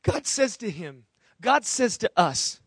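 A man's voice: sits high, big pitch swings, takes it slowly, gravelly, fairly bright tone, breathy edge, dry recording, clean studio sound. A man preaching a sermon, earnest and emphatic, with repeated phrases and direct questions to the congregation. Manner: asks the audience questions directly. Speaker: pastor.

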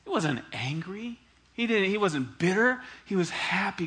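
A man preaching a sermon in a conversational, animated way, asking the congregation for responses and acting out quoted voices with big swings in pitch and loudness. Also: unhurried. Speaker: pastor.

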